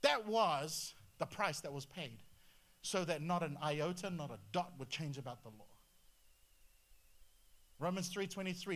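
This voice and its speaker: A male pastor preaching a sermon in an animated way, full of rhetorical questions and swings between loud and quiet. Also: a little high, measured pace, pauses often.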